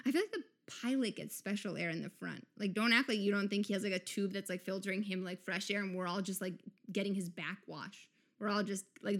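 A woman's voice: medium pitch, a bit bright. Woman, podcast host, casual comic rant, profane, sarcastic, mid-range voice. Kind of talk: casual comedic monologue.

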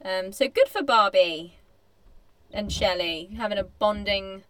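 A woman in her late twenties co-hosting a casual podcast. She talks in a chatty, giggly way, tossing off quick asides. Her voice sits mid-range and sounds close and dry. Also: medium pitch, expressive, a bit bright, no echo. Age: late 20s. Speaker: podcast co-host. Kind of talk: casual chat.

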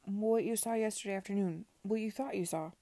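A woman reading aloud softly, voicing a self-assured young baronet in a whispered reading. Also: medium pitch, a little fast, dry recording, close to an everyday voice. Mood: earnest.

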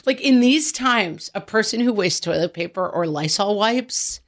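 A middle-aged woman co-hosting a podcast, telling family stories in an animated, chatty way. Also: mid-range voice, measured pace. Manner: animated storytelling, quoting family members in voices. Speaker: podcast co-host. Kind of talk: casual podcast chat.

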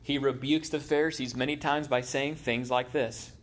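A man's voice: mid-range voice, steady tone, normal speed. Conversational man preaching a sermon. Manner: conversational preaching with quips to the congregation. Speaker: pastor.

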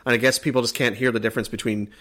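A man's voice: medium pitch, steady tone, racing, fairly bright tone. An American man co-hosting a casual chat, rambling with lots of fillers and restarts. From United States. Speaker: podcast co-host. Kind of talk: casual chat ranking accents.

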